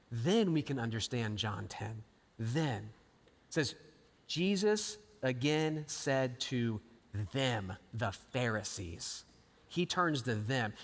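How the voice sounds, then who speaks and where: A man preaching a live sermon, animated, acting out scripture quotes and swinging between loud and hushed lines. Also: fairly high pitch. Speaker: pastor. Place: large church auditorium. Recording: live sermon with long hall reverb.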